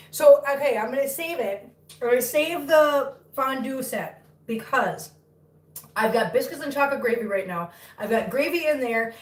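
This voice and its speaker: A woman hosting a casual livestream from home, cooing baby talk to her cats between chatty updates to viewers. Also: a little high. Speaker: cat rescue livestream host. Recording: echoey room, far from mic.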